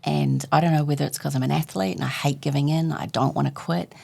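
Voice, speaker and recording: A woman's voice: low-pitched, steady tone, fast talker, creaky, mellow. A woman, a guest author telling a personal story in conversation and acting out the dialogue as she goes.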